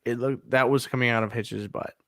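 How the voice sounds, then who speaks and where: Male podcast co-host, 30s, rambling anecdote teller, laughs a lot, mid pitch, dry close sound. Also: steady tone, brisk, a bit bright, no room sound. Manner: rambling storytelling, laughs often. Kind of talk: casual chat.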